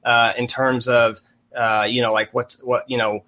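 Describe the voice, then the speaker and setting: Bright-voiced man, defensive and stammering. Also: medium pitch, flat delivery, unhurried. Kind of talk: casual discussion.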